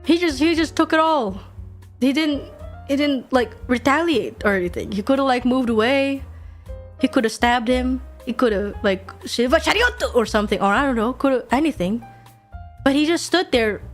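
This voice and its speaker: A woman streamer chatting casually and excitedly, swearing freely and breaking into giggles. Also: sits high.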